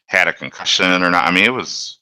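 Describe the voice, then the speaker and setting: A man from Alabama, a locomotive engineer, chatting as a guest and telling stories in a relaxed, rambling way. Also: sits low, brisk, no room sound. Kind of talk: casual conversational storytelling.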